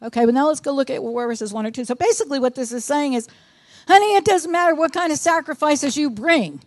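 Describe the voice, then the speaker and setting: A woman's voice: sits high, dry recording, clean studio sound. A woman teaching a sermon, reading scripture with emphasis and mixing in earnest, folksy asides. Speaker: Bible teacher.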